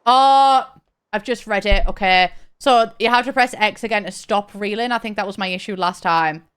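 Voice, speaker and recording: A young woman chatting and laughing while she streams a game, talking in halting bursts with frequent restarts. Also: medium pitch, fairly bright tone, clear, resonant tone. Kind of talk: casual live-stream chat while gaming.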